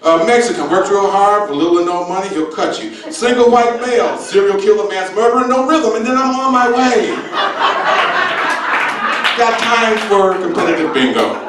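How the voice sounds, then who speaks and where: A brash, streetwise comedian in his sixties works through a stand-up routine full of wild exaggeration and frequent "baby" asides. His voice is high-pitched and expressive at a moderate pace. A distant mic in an echoey room picks up crowd noise.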